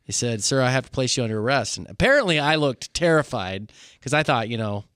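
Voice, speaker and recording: A man's voice: medium pitch, very animated, brisk, a bit bright, clean tone, no echo, clean studio sound. A man casually telling a funny story on a podcast, acting out the people he quotes and laughing often. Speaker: podcast co-host, former pastor.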